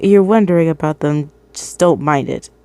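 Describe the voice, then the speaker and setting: A quiet hooded captor speaks softly and almost mutters his lines, voiced by a woman reading a fan story. The reading sounds close and dry, with no room around it. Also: low-pitched, moderate pace, smooth, no room sound, voice pushed down. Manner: soft, muttered. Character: soft-spoken hooded young man, quietly kind captor.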